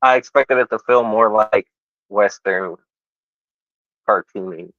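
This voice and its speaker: A man's voice: on the low side, slow pace, a bit bright, no room sound, dull audio. A man co-hosting a casual podcast chat, hesitant and rambling with many fillers. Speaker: podcast co-host.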